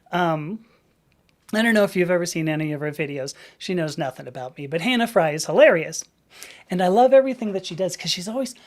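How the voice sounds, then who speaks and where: Speaking in a mid-range, slightly mellow voice, a middle-aged woman from the American South rambles through a casual live stream. She laughs at herself and reads viewers' chat aloud, picked up by a webcam microphone.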